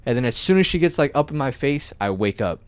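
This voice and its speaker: A young man on a podcast telling a story casually, loose and animated, full of filler words and swearing. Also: medium pitch, quick pace, clean tone, no echo. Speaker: podcast co-host.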